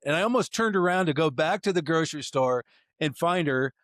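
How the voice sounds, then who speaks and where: A man's voice: fairly high pitch, lively intonation, fairly quick, a bit bright, dry recording, clean studio sound. A man co-hosting a podcast, telling a profane story in casual chat. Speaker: podcast co-host.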